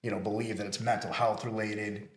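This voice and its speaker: Middle-aged man, low voice, candid emphatic storyteller, roomy echo. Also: little pitch movement, fairly quick. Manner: candid, emphatic, with acted-out quotes. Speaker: podcast co-host. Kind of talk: casual personal storytelling. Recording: echoey room.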